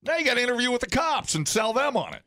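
A man co-hosting a podcast, chatting casually in a rambling, halting, self-mocking way. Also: extremely high pitch, big pitch swings, sharp tone, no echo, clean studio sound. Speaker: podcast co-host. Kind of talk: casual chat.

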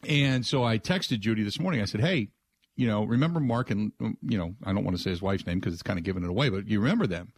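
Rambling low-voiced radio host, dry studio. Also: male voice, a little fast, no room sound. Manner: rambling, restarts, animated when quoting others. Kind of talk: casual storytelling on talk radio.

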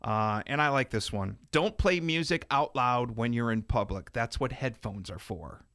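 A middle-aged man co-hosts a casual podcast chat, joking around and playing up being grumpy, with big, animated jumps in pitch. He talks at a normal speed, and the recording is dry and studio quality.

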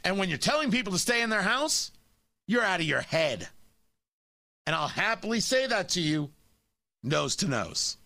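Blunt, fast-restarting male radio host with a bright, high-pitched voice. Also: very animated, vocal fry, no echo. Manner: blunt, combative, stammers into restarts. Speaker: radio talk show host. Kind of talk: opinionated talk radio.

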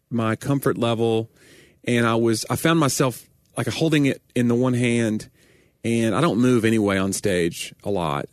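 A man who is a stand-up comedian from the South, talking casually in a rambling, self-deprecating way with quick asides. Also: medium pitch, a bit bright, dry recording, clean studio sound. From Southern United States. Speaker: stand-up comedian, podcast guest. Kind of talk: casual conversation.

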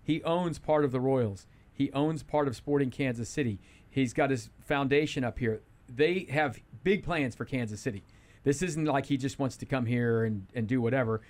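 A man's voice: mid-range voice, normal speed, a little mellow. Rambling man on sports radio. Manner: rambling, restarts mid-sentence, emphatic. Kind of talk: casual sports talk. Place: radio studio.

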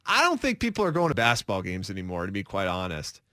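A man's voice: low voice, fast talker, no room sound, studio quality. A man co-hosting a sports radio show, talking in casual, rambling sentences full of fillers. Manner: animated, rambling with many fillers.

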